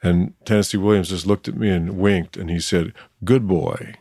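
A man's voice: deep voice, fairly quick, no room sound, clean studio sound. An older man with a Southern accent, telling stories in a casual interview as an actor guest and laughing often. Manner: animated anecdotal storyteller who laughs often.

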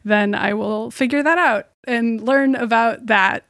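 Woman, co-host, casual chat, wry, fairly high voice, dry. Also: a little slow, fairly bright tone, dry recording. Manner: wry, laughs often. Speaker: podcast co-host.

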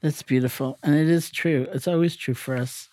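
A woman hosting a podcast, a gentle, affirming listener in a reflective conversation. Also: sits low, steady tone, normal speed, dry recording. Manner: gentle, affirming listener, short murmurs of agreement. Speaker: podcast host.

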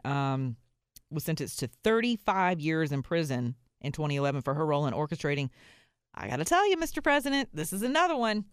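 A woman's voice: deep voice, no echo, studio quality. A woman hosting a podcast, talking casually with sarcastic asides and frequent laughter. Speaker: podcast host. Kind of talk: casual opinion talk.

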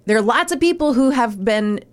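A woman's voice: fairly high pitch, expressive, a little fast. A woman co-hosting a podcast, chatting playfully and explaining her points. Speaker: podcast co-host. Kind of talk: casual chat.

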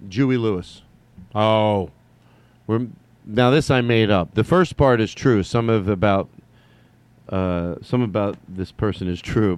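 A man's voice: on the low side, darkish tone. Rambling, chatty man talking alone. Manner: digressive, chatty, swears casually, many fillers. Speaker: vlogger. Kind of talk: rambling solo monologue.

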